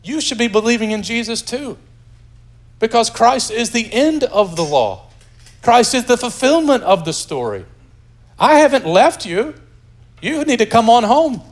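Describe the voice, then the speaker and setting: A man's voice: extremely high pitch, animated, measured pace, voice pushed up. A man voicing a proud, streetwise apostle in emphatic acted quotes within a sermon. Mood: pleading. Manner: emphatic, swaggering.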